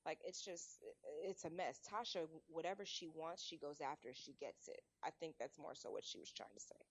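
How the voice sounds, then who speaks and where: A woman co-hosting a casual podcast recap of a TV episode, giving frank opinions and quick short reactions. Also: low voice, gravelly, breathy edge, no echo. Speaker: podcast co-host.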